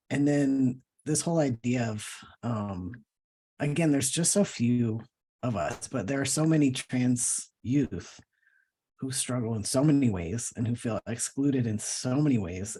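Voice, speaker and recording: A man speaking as an interview guest in a casual conversation, thoughtful and pausing to search for words. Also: medium pitch, warm tone, slightly rough. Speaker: guest, professor and cartoonist.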